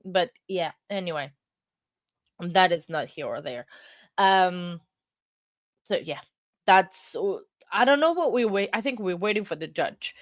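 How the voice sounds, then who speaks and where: A woman's voice: fairly low pitch, expressive, unhurried, pauses often, no room sound, clean studio sound. A woman, casually chatting with her livestream chat, playful and giggly, a bit out of breath. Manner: giggly, playful, rambling with frequent laughs. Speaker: livestream host.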